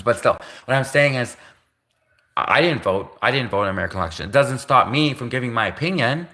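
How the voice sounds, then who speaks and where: A man's voice: on the low side, pushed and bright. A man from Canada on a livestream, rambling through a monologue with restarts, self-corrections and half-jokes.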